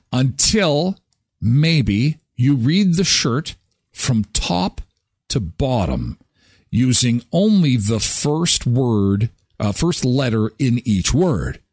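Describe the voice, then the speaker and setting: Man, middle-aged, show host, casual joking chat, very lively pitch, dry room. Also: husky, dry recording. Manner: animated, jokey, self-deprecating. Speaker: host of a live daily show.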